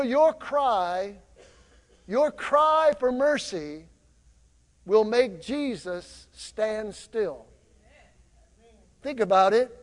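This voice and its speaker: A male pastor preaching a lively sermon in a church, drawing the congregation into call-and-response. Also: sits high, long reverb tail. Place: church sanctuary.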